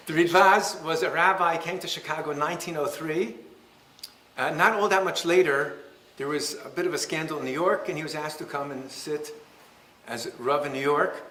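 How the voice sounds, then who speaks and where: A man, a rabbi, giving a lecture and telling stories in an animated, humorous way. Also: a little high, normal speed. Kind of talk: lecture with storytelling. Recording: roomy hall echo.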